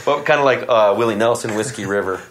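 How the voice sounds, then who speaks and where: A man's voice: mid-range voice, fast, a bit bright. A man, a stand-up comedian, chatting loosely with lots of filler words. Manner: loose, laid-back, many fillers. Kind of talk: casual chat. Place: hotel room.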